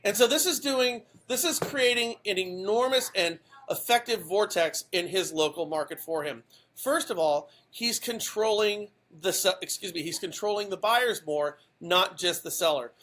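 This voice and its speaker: A man's voice: sits high, moderate pace, a bit bright. A man hosting a podcast, giving blunt, emphatic commentary that swears freely and keeps checking in with the listener. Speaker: podcast host.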